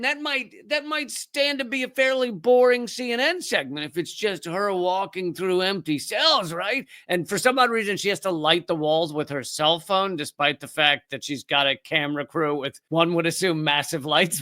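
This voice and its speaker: A man's voice: high-pitched, expressive, normal speed, few pauses, sharp tone. A man hosting a comedy show, mocking news footage in a wry, sarcastic commentary. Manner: mocking, wry, thinking aloud with restarts.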